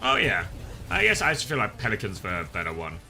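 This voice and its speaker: Lively, bright-voiced esports caster. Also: male voice, on the low side, brisk, gravelly. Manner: laughs often, joking and chatty. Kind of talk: casual broadcast banter between matches.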